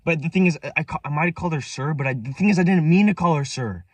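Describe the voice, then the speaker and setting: A man's voice: fairly high pitch, racing, no echo, far from the mic, muffled recording. A young man rambling through a story from his own life, restarting and repeating himself, set back from the mic. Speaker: vlogger. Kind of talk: casual storytelling.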